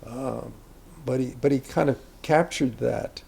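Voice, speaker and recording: A man's voice: mid-range voice, normal speed, gravelly, darkish tone, slight background noise. An older man, an acting teacher, speaking reflectively about character in a conversational interview, rambling with asides and restarts.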